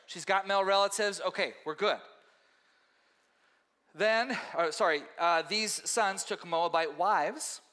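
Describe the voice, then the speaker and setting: A man preaching in a church sanctuary, his high, bright voice carrying a long reverb through the hall. He talks conversationally and animatedly, often slipping into the voices he quotes. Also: measured pace. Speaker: pastor. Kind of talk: sermon.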